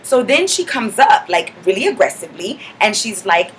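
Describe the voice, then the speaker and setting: A woman with a mid-range, sing-song voice delivers a lightly acted comedy monologue at a moderate pace, with a little hiss or hum. Her character, a self-assured young clubgoer, chats in mock indignation and says "like" constantly. The clip comes from a character comedy vlog.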